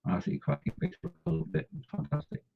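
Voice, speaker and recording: A middle-aged man hosting a model-painting stream races through the chat in a slightly high, gravelly voice with a steady tone. He teases viewers and trades jokes with them casually. The audio is dull, lo-fi stream quality.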